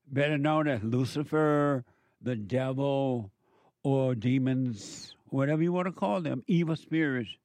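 A man giving an impassioned spiritual monologue, emphatic and repetitive, slowing down to stress his points. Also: medium pitch, darkish tone, no echo. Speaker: speaker preaching about the devil.

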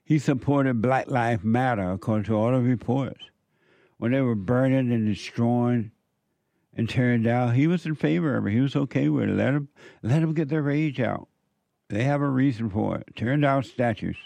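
A man's voice: mid-range voice, moderate pace, vocal fry, warm tone, no echo. A man delivering an opinion monologue, repeating his warnings with heavy emphasis. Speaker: political commentator.

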